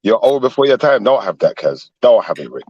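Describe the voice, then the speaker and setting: A man's voice: fairly low pitch, big pitch swings, a little fast, darkish tone, breathy edge, no room sound. Male stream caller, stirring the pot, lo-fi muffled audio. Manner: egging others on, teasing. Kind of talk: casual stream banter.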